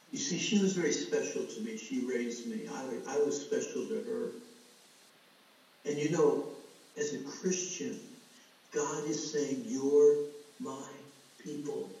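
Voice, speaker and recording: A man's voice: mid-range voice, a little mellow. Earnest male preacher in an echoing hall. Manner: storytelling, earnest, addresses the congregation as folks. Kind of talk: sermon. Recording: echoey hall, voice from far off.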